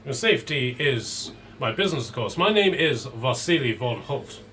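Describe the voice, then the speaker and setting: A man's voice: mid-range voice, lively intonation, moderate pace, sharp tone, a little hiss or hum. Man putting on a courtly Eastern European nobleman. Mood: smooth, insistent. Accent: put-on Eastern European. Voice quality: courtly, fawning and evasive, repeats words. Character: smooth-talking aristocratic man in fine robes.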